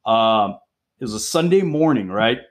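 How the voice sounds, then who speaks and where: A man in his forties, a police interdiction officer, telling stories on a podcast in an excitable, profanity-heavy way and calling people bro and dude. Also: fairly low pitch, moderate pace. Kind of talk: casual storytelling chat.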